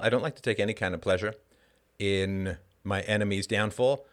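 A man with a somewhat low voice hosts a live call-in show. He delivers a heated monologue, blunt and profane, full of rhetorical questions and sardonic asides. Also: normal speed.

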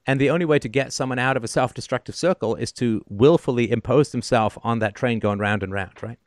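A man's voice: mid-range voice, a little fast, dry recording, clean studio sound. Emphatic, sardonic male call-in host. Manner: emphatic and sardonic, keeps asking "right?". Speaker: call-in show host giving advice. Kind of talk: call-in advice monologue.

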